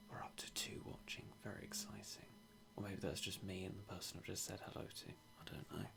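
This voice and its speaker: A young British man streaming a game, talking in a hushed, half-whispered way with dry self-mocking humour. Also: low-pitched, huge pitch swings, normal speed, creaky. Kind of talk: quiet live-stream game commentary.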